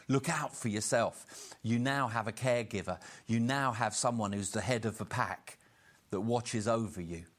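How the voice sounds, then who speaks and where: A man preaching a sermon earnestly, slowing down to stress key lines. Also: lowish voice. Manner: earnest, slows down for emphasis.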